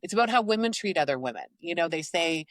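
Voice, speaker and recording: A middle-aged woman from Canada co-hosting a podcast, chatting casually and lively with big swings into mimicked voices. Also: on the low side, fast talker, no echo. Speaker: podcast co-host. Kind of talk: casual chat.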